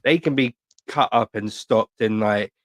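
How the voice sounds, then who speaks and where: A man's voice: on the low side, a little slow, fairly bright tone, no room sound. A man on a casual podcast, rambling through stories with heavy swearing and lots of filler words. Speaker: podcast co-host. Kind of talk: casual chat.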